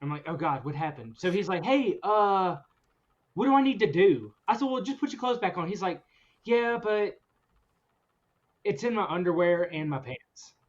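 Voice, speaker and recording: Speaking at normal speed, a podcast host with a notably high voice tells a story to his co-hosts in a casual chat, animated and laughing now and then. The recording sounds dull, muffled, and lo-fi.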